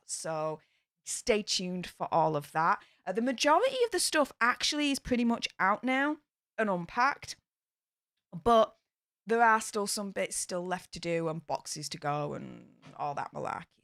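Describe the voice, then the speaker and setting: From a home studio room in her new house, a woman hosts a casual livestream, chatty and upbeat with plenty of fillers. Her medium-pitched voice is creaky and fairly bright, and there is no echo.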